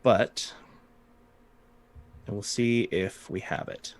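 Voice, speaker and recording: A man narrating a tabletop game as game master, unhurried, with frequent pauses and fillers. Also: on the low side. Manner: unhurried, pausing often with fillers.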